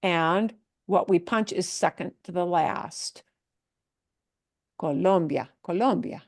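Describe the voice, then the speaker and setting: Woman, Spanish teacher, slow deliberate delivery, dry close sound, playful repeats. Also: fairly low pitch, fairly even intonation, dry recording. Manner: playful, drawn-out repeated words. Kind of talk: pronunciation lesson.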